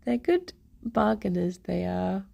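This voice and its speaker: A woman's voice: medium pitch, big pitch swings, slow pace, vocal fry, dark tone. A young woman chatting casually on a live stream, rambling and giggling often as she reads the chat aloud.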